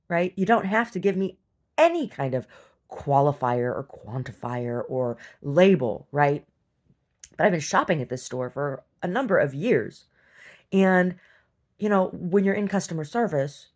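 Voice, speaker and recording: Emphatic, lower-voiced woman ranting. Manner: emphatic, keeps asking "right?", frequent restarts. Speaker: vlogger. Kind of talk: casual storytelling rant.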